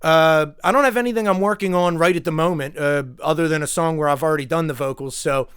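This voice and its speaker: Guy with a stuffy nose rambling casually about his new mic, kinda higher voice, lots of "right?" and "you know". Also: fast talker, a bit bright, smooth. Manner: rambling, loose, with fillers and mild swearing. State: stuffed up from allergies. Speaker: vlogger reviewing a microphone. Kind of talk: casual unboxing talk. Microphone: lapel mic, then a desk condenser mic.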